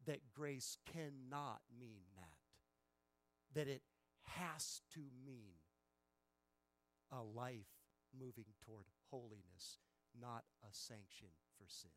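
A man preaching a sermon as a pastor, emphatic, swinging from quiet passages to loud, stressed bursts. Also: medium pitch, slow, pauses often.

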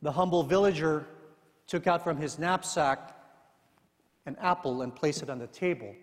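A male pastor preaching in a measured, deliberate way, reading scripture and telling a story. His voice sits a little high for a man. A long reverb trails every phrase, as in a large church.

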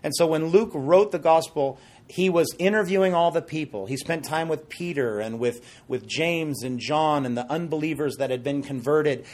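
Male preacher, husky tone, animated storyteller working the congregation. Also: on the high side, moderate pace. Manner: animated storytelling with acted quotes and asides. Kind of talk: sermon.

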